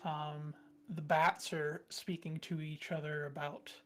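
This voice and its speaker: A woman narrating a tabletop game as game master, hesitant, with many ums and pauses. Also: low-pitched, little pitch movement, a bit bright.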